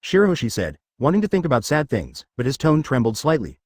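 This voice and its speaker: A man's synthetic voice narrating a fan fiction story in a steady machine read. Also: mid-range voice, quick pace, hardly any pauses, dry recording, studio quality.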